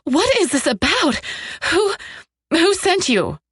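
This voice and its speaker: A woman voicing a terrified, furious young woman held captive, speaking in high, shrill, defiant outbursts. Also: sing-song, slow pace, fairly bright tone, no echo, clean studio sound, heavily acted. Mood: panicked.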